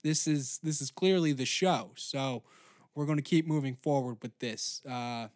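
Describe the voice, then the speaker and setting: A man's voice: medium pitch, measured pace, darkish tone. A man from Canada hosting a comedy podcast, rambling through a crude, absurd monologue. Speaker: podcast host.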